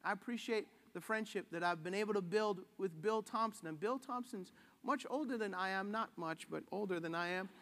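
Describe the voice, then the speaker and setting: A man's voice: high voice, fairly quick, fairly bright tone, in a large hall. A man preaching a sermon in a casual, joking way, acting out the voices he quotes. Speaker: pastor.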